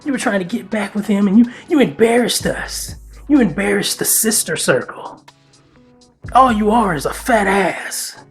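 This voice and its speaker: A man's voice: sits high, expressive, moderate pace, fairly bright tone, breathy edge, soft background music, voice pushed up, full character voice. A man mimicking a scornful, nagging young woman. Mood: scornful mocking. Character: mocking, scolding young woman gossip.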